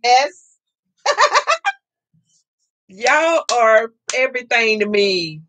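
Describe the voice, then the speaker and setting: A woman hosting a live crafting stream from home, loud and excitable, chatting with viewers and laughing often. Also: on the high side, drawn-out words, a little hiss or hum. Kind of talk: casual live-stream chat, reading viewer comments.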